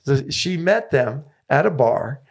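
A man's voice: mid-range voice, lively intonation, takes it slowly, creaky. A man in his seventies, a tennis coach telling stories as a podcast guest, enthusiastic and repeating phrases for emphasis. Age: 70s.

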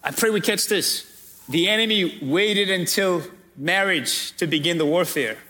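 High-voiced man preaching a sermon. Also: a little slow, bright, forceful tone. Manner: preaching, addressing the congregation directly. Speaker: pastor.

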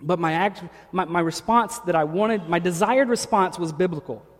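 Lively, joking pastor in an echoey hall. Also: male voice, high voice, moderate pace. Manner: animated, joking storyteller. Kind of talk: sermon with personal storytelling.

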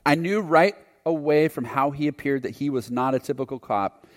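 A man's voice: fairly high pitch, normal speed. A male preacher telling a personal story in a sermon, earnest and reflective. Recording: long hall reverb.

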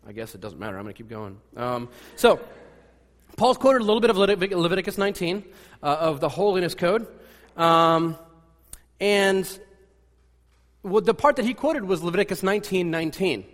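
A man's voice: high voice, expressive, moderate pace, pauses often. A man giving a casual, rambling sermon, full of fillers, restarts and wry asides. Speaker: pastor. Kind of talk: conversational sermon. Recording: long hall reverb.

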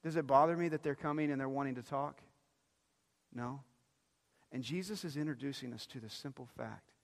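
A middle-aged pastor delivering a sermon, swinging between quiet, intimate phrases and loud, emphatic ones, often repeating words as he builds a point. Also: mid-range voice, a little fast, vocal fry. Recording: long reverb of a large hall.

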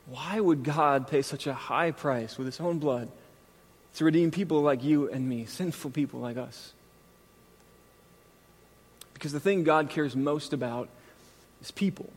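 A pastor in his thirties preaching a sermon, moving from scripture into a self-deprecating, animated family story. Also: fairly high pitch, measured pace, pauses often. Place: church sanctuary. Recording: long reverb from a large hall.

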